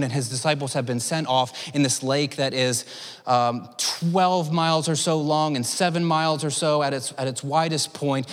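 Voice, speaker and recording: A man preaching a sermon at a church service, expressive, dropping to soft low tones for emphasis. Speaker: pastor. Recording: long reverb of a church hall.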